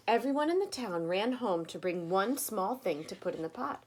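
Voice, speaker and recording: Woman storyteller, children's read-aloud, expressive with lively, varied intonation. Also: mid-range voice, normal speed, hardly any pauses, a little hiss or hum. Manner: expressive, inviting listeners to join in.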